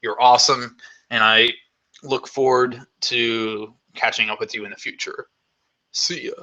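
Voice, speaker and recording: A man's voice: medium pitch, little pitch movement, unhurried, pushed and bright, lo-fi sound. A man vlogger hosting a live Q&A, chatting casually in a rambling, enthusiastic way with lots of fillers.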